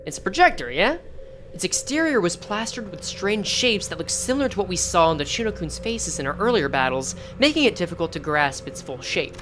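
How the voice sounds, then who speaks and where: Lively low-voiced woman streamer. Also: a little fast, music in the background. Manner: chatty, reactive asides. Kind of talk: reading a game story aloud with reactions.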